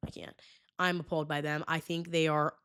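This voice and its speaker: A woman's voice: sits low, little pitch movement, a little fast, a bit bright, smooth, dry recording, clean studio sound. A woman in her twenties hosting a casual solo podcast, chatty and dramatic, full of "like" fillers. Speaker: podcast host. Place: New York.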